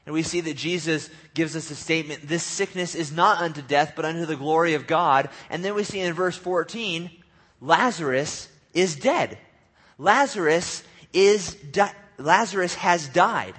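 Husky-voiced man preaching casually. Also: fairly high pitch, normal speed, a bit bright. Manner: casual, conversational preaching with slang. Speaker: pastor. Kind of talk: sermon.

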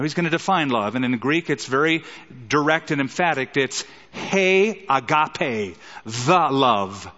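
A middle-aged male pastor preaches a sermon emphatically, using rhetorical questions and dramatic quoted lines. His voice is medium-pitched and a bit bright, with a big-room, lo-fi sound.

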